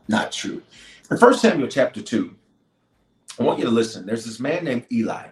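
Man, bishop, sermon, deep voice, loud-to-hushed preaching, repeats lines, roomy echo.

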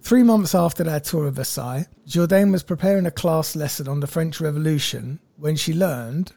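A man's voice: fairly high pitch, normal speed, vocal fry, mellow, no echo. A man, co-hosting a podcast and telling a history story in a wry, jokey way from his notes. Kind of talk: casual storytelling chat.

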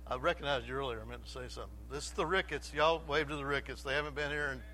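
A man's voice: medium pitch, quick pace, bright, forceful tone, a little hiss or hum. A man preaching a sermon to his congregation, chatty, often asking the room questions and restarting his sentences. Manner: conversational, asks the congregation questions, self-interrupting. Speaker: pastor. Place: church before a congregation.

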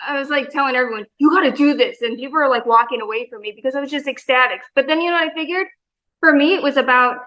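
Enthusiastic rambling woman, fairly high voice. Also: very fast, sharp tone, poor audio. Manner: enthusiastic, rambling with many fillers. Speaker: guest, gym member. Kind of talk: casual interview chat.

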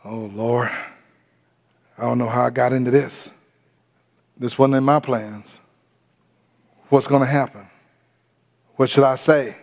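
A man voicing a frightened young bride, quietly and hurriedly wondering what will happen. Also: medium pitch, fairly even intonation, takes it slowly, vocal fry, long pauses. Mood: anxious.

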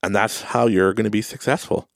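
A young man hosting a podcast, giving an earnest, repetitive motivational talk and sometimes mimicking other people in high voices. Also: fairly even intonation, a little fast, gravelly, dry recording, clean studio sound. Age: young adult. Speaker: podcast host.

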